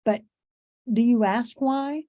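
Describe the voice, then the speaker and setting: Hoarse middle-aged woman, instructor, mellow dark voice, conversational, repeats for emphasis. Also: on the high side, slow pace. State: losing her voice, clearing throat. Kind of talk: online class lecture.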